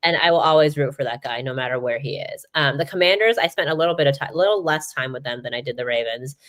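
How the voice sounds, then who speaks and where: A woman sports reporter chatting as a guest on an interview show, telling stories in an animated way, full of "like" and "you know". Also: extremely low pitch, fast. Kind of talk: casual interview chat. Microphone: remote live-stream mic.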